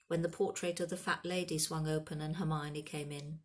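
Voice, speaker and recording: A woman narrating a storybook in a calm, even manner. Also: low-pitched, a little fast. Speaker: audiobook reader.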